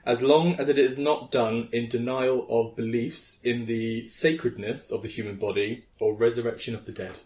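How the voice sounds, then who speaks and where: A man's voice: mid-range voice, steady tone, moderate pace, few pauses, a little mellow, echoey room. A man co-hosting a podcast, explaining a topic with hesitant fillers. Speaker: podcast co-host. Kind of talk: casual chat.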